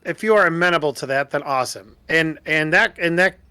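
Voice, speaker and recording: A man's voice: fairly high pitch, a little fast, bright, forceful tone, clean tone, no echo. A man playing a tabletop game, thinking aloud as he explains his character's moves. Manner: thinks aloud with many fillers. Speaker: player.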